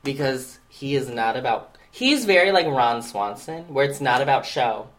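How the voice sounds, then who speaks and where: A man's voice: medium pitch, animated, fairly bright tone, slight background noise. Jokey man co-hosting a podcast. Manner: jokey, campy, quick to mimic characters. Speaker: podcast co-host. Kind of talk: casual chat recapping a movie.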